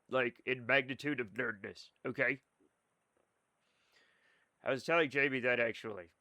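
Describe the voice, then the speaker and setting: A young man streams a game and reads his live chat, responding casually and sarcastically with the occasional swear. His voice is mid-range with a sharp tone, captured in a dry recording.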